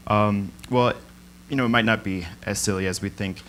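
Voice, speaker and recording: Speaking at a moderate pace with a lowish, steady voice that has a fairly bright tone, a young man delivers an informal sermon as a church guest. His storytelling is chatty, full of ums and frequent laughter, and the low-quality recording carries some hiss or hum.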